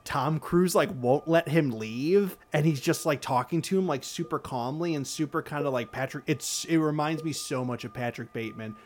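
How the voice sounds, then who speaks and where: A man co-hosting a casual podcast chat, rambling and animated, often slipping into silly impressions. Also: fairly high pitch, normal speed, hardly any pauses. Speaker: podcast co-host.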